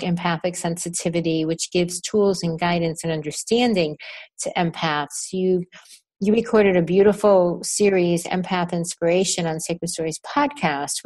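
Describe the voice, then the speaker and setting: A woman hosting a podcast interview, talking in a thoughtful and measured way. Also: lowish voice, darkish tone. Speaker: podcast host. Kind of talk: conversational interview.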